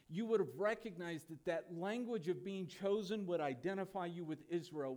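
A man's voice: high voice, darkish tone. A pastor preaching a sermon to his church, emphatic and full of rhetorical questions.

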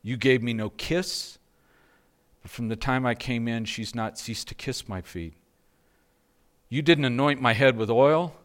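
A man preaching a sermon in a slow, measured way, letting phrases drop to a hush at their ends. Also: lowish voice. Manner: slow, measured preaching, softening to hushed endings. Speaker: pastor.

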